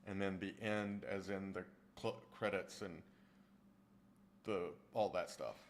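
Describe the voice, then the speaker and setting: Rambling low-voiced man chatting with viewers. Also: steady tone, slow pace, a little hiss or hum. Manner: rambling, with frequent restarts while answering chat. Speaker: streamer and audiobook narrator. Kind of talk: casual chat with viewers.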